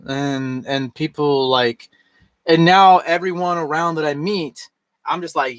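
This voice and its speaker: A man in his thirties talking in a loose, rambling way while tipsy, swearing freely and mimicking other people in a higher voice. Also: measured pace, no echo. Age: 30s. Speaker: vlogger. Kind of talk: casual rambling monologue.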